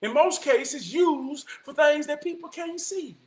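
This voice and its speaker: A man delivering an impassioned motivational monologue, preaching his point and often rising to a shout. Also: extremely high pitch, measured pace. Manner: preachy, repeats "I promise you", rises to shouting. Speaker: vlogger giving life advice.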